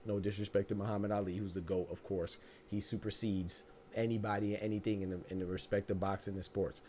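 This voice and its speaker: A man's voice: fairly low pitch, flat delivery, quick pace, dark tone, slight background noise. A man hosting a live boxing podcast, reading chat comments and joking around with loose, profane mock anger and speech.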